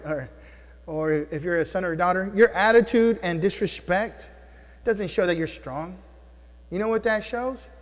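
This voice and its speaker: A man preaching a sermon as pastor, emphatic and calling for answers from his congregation in a church. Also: high voice. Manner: emphatic, call-and-response with congregation. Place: church sanctuary. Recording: long reverb of a hall.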